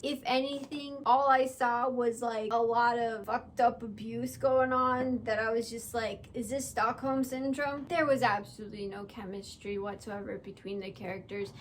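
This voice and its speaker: A woman's voice: on the high side, fairly bright tone, a little hiss or hum. Blunt, sarcastic young woman reviewing a book. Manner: blunt, sarcastic, swears freely, many "like" fillers; mimics characters' voices when retelling scenes. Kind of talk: casual book review vlog.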